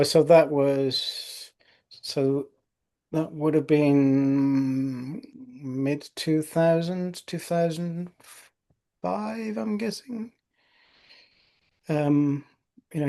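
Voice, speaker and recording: A fifty-something osteopath relates a patient story during an interview, drawing out his words and leaving long pauses. His voice is fairly high and mellow, and he rambles, filling space and restarting often.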